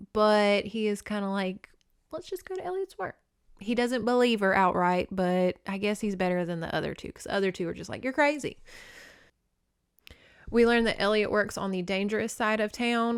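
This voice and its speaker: A woman's voice: mid-range voice, fairly bright tone, clean tone. A young adult woman hosting a podcast, recapping a horror novel in a chatty, playful way with sarcastic asides. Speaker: podcast host. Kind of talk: casual book recap podcast.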